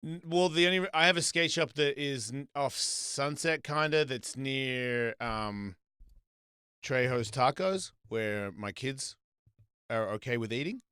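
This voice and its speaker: Casting: male talk show host, bright tone, dry close studio sound, lively storyteller. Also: medium pitch, measured pace, clear, resonant tone, no echo. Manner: animated storyteller, voice jumps up when acting out scenes. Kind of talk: casual chat.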